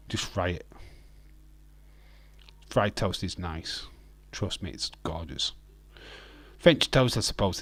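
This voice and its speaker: A low-pitched, fairly bright male voice belongs to a British streamer chatting casually with his audience. He responds to live chat messages with joking rants and laughter.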